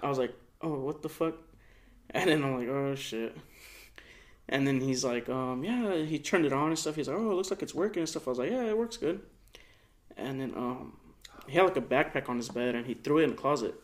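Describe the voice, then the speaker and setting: On a podcast, a young co-host casually recounts a story, slangy and profane, voicing the quotes of the people involved with animation. His voice is mid-range and a little fast.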